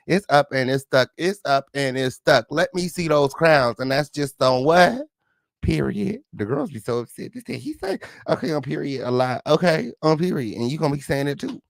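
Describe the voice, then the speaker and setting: Gravelly, sassy livestream host man. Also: medium pitch, dry recording, clean studio sound. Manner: flamboyant, sing-song shout-outs to viewers; profane, sassy. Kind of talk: casual livestream chat.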